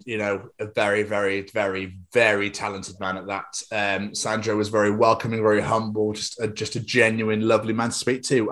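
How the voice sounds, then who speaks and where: A man's voice: on the low side, reverberant. A man co-hosting a podcast, upbeat and jokey, who laughs easily while chatting. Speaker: podcast co-host. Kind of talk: casual podcast chat.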